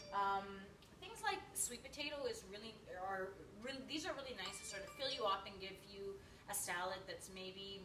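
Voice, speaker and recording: Woman chatting on her cooking stream, higher voice, kinda distant kitchen mic. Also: noisy background. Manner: chatty, giggly, many fillers. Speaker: live-stream cooking host. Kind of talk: casual live-stream chat, reading viewer comments. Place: home kitchen.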